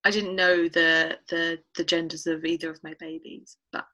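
A woman's voice: sits low, little pitch movement, moderate pace, sharp tone, low-quality recording. A woman, candidly retelling a painful personal story in a podcast interview. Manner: candid, emotional retelling with quoted dialogue. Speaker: guest.

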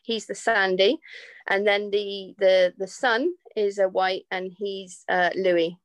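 A woman's voice: medium pitch, fairly even intonation, takes it slowly, dry recording. A woman with an English accent, a podcast guest chatting casually and laughing often, with frequent restarts. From England. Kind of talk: casual chat.

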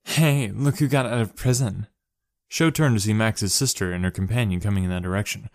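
A man reading a story aloud in steady narration, doing the characters' voices. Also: fairly low pitch, dry recording, clean studio sound. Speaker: story reader.

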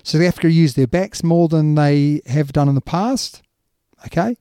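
A man talks rugby in a loose, emphatic way, full of yeahs and you knows. His voice sits a little high but has a mellow, warm tone. The sound is dry and close. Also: moderate pace, clear, resonant tone, no echo. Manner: chatty, emphatic, lots of yeah and you know. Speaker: rugby podcast co-host. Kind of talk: casual sports chat.

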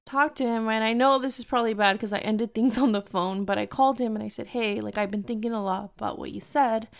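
A young woman casually telling a dating story, chatty and full of "like", acting out quoted lines in a higher voice. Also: smooth. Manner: chatty, fillers "like" constantly, acts out quotes in higher pitch. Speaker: storyteller sharing dating experiences.

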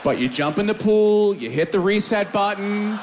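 A man doing a stand-up comedy set, animated, swinging from loud shouted bits to low mumbles. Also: moderate pace, long reverb tail, a little hiss or hum.

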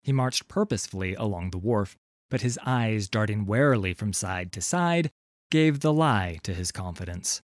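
A man narrating a fantasy story in a measured, expressive audiobook style on a close studio mic. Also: on the low side, no echo.

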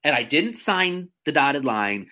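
A man in his thirties chatting casually as a guest, animated and self-mocking, often stumbling over restarts. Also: a little high, a little slow. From central New York. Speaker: guest, real estate agent. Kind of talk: casual chat.

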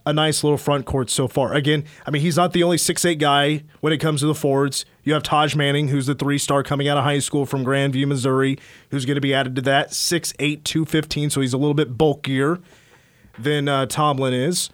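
Sports radio host, male, a bit higher voice, dry studio sound, stat-heavy breakdown. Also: little pitch movement, fairly quick, no room sound. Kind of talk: sports talk radio analysis.

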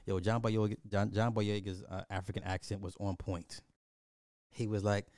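A man giving a blunt, animated movie review in casual chat, talking straight to his viewers. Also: lowish voice, moderate pace, no room sound, studio quality.

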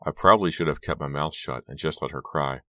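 A man reading a young-adult horror novel aloud, in a steady, measured manner. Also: extremely low pitch, no echo. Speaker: audiobook narrator. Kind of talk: scripted narration.

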